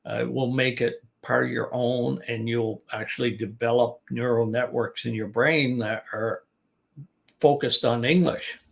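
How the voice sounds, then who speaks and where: A man's voice: medium pitch, fairly even intonation, a little slow, vocal fry, fairly bright tone. An older man coaching business English in a chatty talk, restarting sentences and repeating words to show their stress. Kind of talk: informal online teaching talk.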